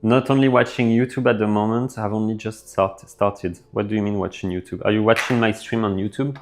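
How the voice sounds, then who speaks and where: A man's voice: fairly low pitch, fairly quick, soft background music. A man chatting on a live coding stream, reading viewer messages and answering them off the cuff with plenty of fillers. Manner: relaxed, thinks aloud with fillers, reads chat messages out.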